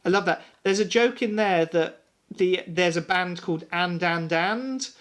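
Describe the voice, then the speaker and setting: A man's voice: high-pitched, a little slow, fairly bright tone. A man co-hosting a music podcast, talking in a loose, rambling and sweary way after a few drinks. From England. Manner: rambling, sweary, a little tipsy. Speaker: podcast co-host. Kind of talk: casual chat.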